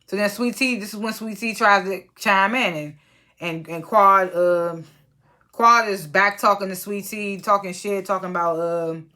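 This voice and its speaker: A woman's voice: medium pitch, fairly even intonation, unhurried, sharp tone. Chatty slangy woman recapping a show. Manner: chatty and slangy, frequent fillers, exasperated asides. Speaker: reality TV recap reviewer. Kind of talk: casual episode recap.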